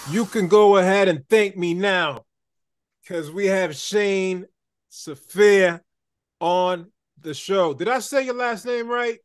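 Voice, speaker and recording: A man's voice: sits high, takes it slowly, smooth, dry recording. Upbeat male podcast host, dry close sound. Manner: upbeat, playful, addresses listeners directly. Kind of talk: conversational interview.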